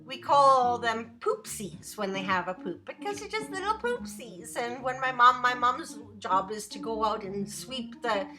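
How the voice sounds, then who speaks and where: A young woman talks casually to her live stream viewers from home, rambling from one thing to the next and giggling often. Her voice is high and bright, with a light tune playing faintly behind her. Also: expressive, normal speed, hardly any pauses, faint music behind.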